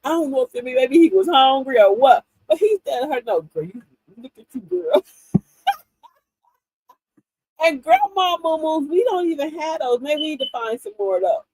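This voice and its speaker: Chatting casually on her livestream, a middle-aged woman laughs her way through animated stories. She has a high-pitched voice. The recording from her livestream mic is dry and rough.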